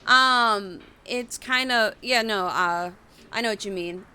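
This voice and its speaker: Bright-voiced woman chatting on a stream. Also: medium pitch, slow pace, clear, resonant tone. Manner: rambling, chatty, reads chat aloud. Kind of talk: casual live-stream chat.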